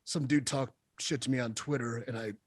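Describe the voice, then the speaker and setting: A man's voice: medium pitch, brisk, no echo. A man, a wrestler guest, telling stories in a casual interview, blunt and profane. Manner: blunt, profane, animated storyteller.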